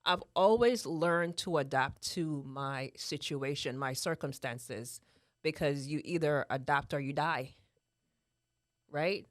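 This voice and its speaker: A woman's voice: sits low, takes it slowly, no room sound, studio quality. A woman in her thirties from Jamaica with a Jamaican accent, talking earnestly in a casual chat and often asking "right?". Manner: earnest, repeats herself, laughs often, tags "right?". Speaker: guest speaker. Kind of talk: casual talk.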